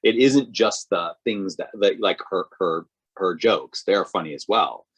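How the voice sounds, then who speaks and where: A man co-hosting a podcast, talking casually with halting, restarting sentences. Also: sits low, lively intonation, husky, no room sound. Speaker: podcast co-host. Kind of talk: casual chat.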